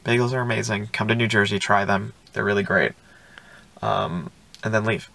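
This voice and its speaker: Man, low voice, gravelly, dry self-mocking vlog chat, inside a car. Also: fairly even intonation, moderate pace, very noisy. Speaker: vlogger. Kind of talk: casual vlog talk. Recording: music playing behind the voice. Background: music playing in the car.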